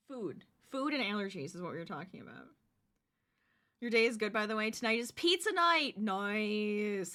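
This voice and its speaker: A woman chats with her stream audience as she crochets, her voice bright and a touch high. She is bubbly and laughs easily. It sounds like a desk mic in a room at home. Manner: bubbly and giggly, chatting to viewers. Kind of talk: casual chat while crocheting on stream.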